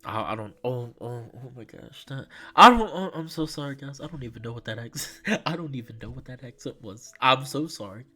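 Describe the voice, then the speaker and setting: A man streaming live, reading a visual novel aloud and chatting in an excitable, rambling way. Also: medium pitch, brisk, few pauses, faint music behind.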